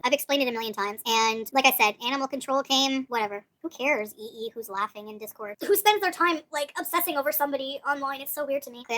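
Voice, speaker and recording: A woman's voice: sits high, sharp tone. A woman livestreaming in casual chat, talking defensively and dismissively, often trailing off.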